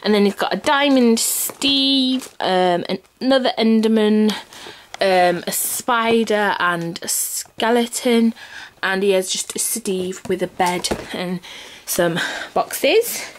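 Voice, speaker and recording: A young woman, chatting casually to camera about gifts she bought, slightly out of breath, with many pauses and restarts. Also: medium pitch, a little hiss or hum. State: a little out of breath. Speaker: vlogger showing Christmas gifts.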